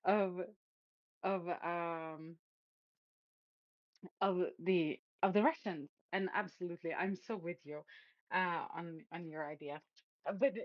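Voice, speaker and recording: A woman's voice: fairly low pitch, takes it slowly, long pauses, dry recording. A woman from Sweden, chatting casually and mocking the news with a giggle, heard over a dull lo-fi call. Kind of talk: casual geopolitical chat.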